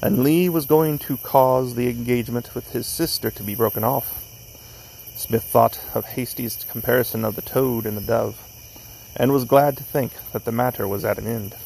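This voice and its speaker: A man reading a classic story aloud at an unhurried pace, outdoors in a cemetery at night, correcting small slips as he goes. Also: medium pitch, steady tone, creaky, a little mellow, a little hiss or hum, poor audio. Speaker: narrator.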